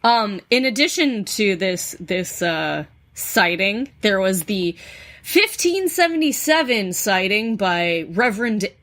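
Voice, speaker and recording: A woman from New England co-hosting a podcast, telling spooky folklore in a relaxed, casual way with plenty of ums and uhs. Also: mid-range voice, slow. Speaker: podcast co-host. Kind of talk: casual chat, storytelling folklore.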